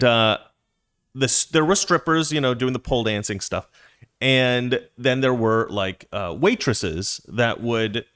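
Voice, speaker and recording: A man's voice: medium pitch, a bit bright. A man hosting a show, telling a story in a casual, chatty way with jokey asides. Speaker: podcast host.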